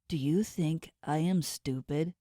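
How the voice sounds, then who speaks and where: In an audiobook, a woman voices a menacing, inhuman male boss with shark teeth, talking down in a cold, threatening, condescending way. Her voice is low-pitched, slow, and warm, recorded with clean studio sound and no echo.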